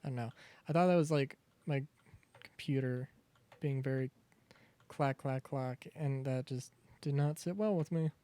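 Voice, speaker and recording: A man's voice: medium pitch, measured pace, warm tone, clean tone. A young man streaming a survival game, rambling through chatty asides and cutting himself off mid-thought. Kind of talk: casual gaming commentary.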